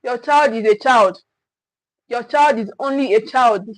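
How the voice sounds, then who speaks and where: A woman's voice: a little high, measured pace, dry recording, rough recording. A woman gives a livestream parenting talk. She speaks earnestly, repeats her points and acts out what parents say. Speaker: parenting coach.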